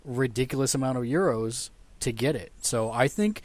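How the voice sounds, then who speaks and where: A man's voice: mid-range voice, lively intonation, moderate pace, no room sound. A man co-hosting a casual gaming podcast, laying out his argument step by step. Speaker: podcast co-host.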